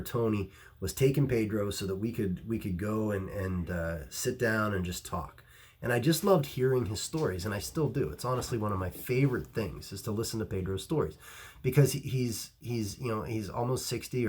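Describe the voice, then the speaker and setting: A man who runs a martial arts gym, telling a story to camera in a casual, animated way, full of restarts and fillers. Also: fairly low pitch, slightly rough. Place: Ohio.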